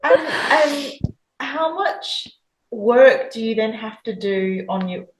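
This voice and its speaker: Woman host asking gentle follow-ups. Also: fairly high pitch, lively intonation, takes it slowly, a little hiss or hum, poor audio. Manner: short reactions and gentle follow-up questions. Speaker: podcast host. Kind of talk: casual interview conversation.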